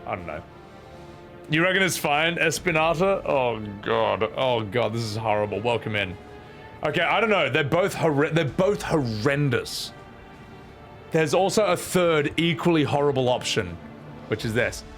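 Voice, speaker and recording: A man's voice: medium pitch, animated, measured pace, a bit bright, soft background music. A young man streaming a game, joking and chatting with his viewers. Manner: joking, self-mocking, chats to his audience. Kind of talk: casual game commentary.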